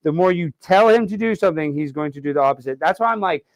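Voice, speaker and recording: A man hosting a casual interview show, loud and joking, rambling with sudden yells. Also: a little high, expressive, quick pace. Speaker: show host. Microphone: video call setup.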